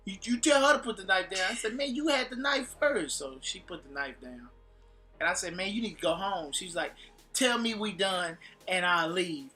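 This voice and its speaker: A man's voice: high voice, normal speed. A man on a vlog telling a story in casual talk, acting out what people said and laughing often. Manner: animated, acts out quotes, laughs often. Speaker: vlogger recounting a fight. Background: faint background music.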